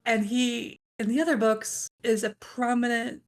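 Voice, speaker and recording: A woman author, a guest on a podcast, talking relaxed and at length in casual chat. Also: fairly high pitch, measured pace.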